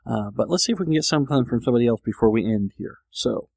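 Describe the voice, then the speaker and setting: A man's voice: mid-range voice, animated, very fast, gravelly, a little mellow, no echo. A man hosting a podcast, rambling casually and teasing himself, with many restarts. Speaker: podcast host. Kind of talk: casual monologue.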